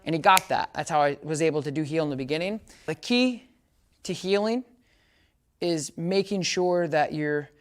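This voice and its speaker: Giving an outdoor dog training lesson, a man casually explains what he's doing and calls out bright, high praise commands to the dog, all at a moderate pace.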